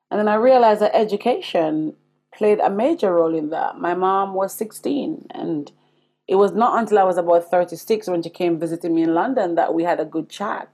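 Husky Jamaican woman telling her story. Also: lowish voice, darkish tone. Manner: earnest and confiding, addresses listeners directly. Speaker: podcast host. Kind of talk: personal storytelling monologue.

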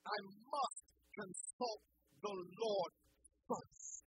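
A preacher delivering a sermon slowly and emphatically, returning again and again to the same rhetorical questions. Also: mid-range voice, a bit bright, breathy edge, no room sound, low-quality recording.

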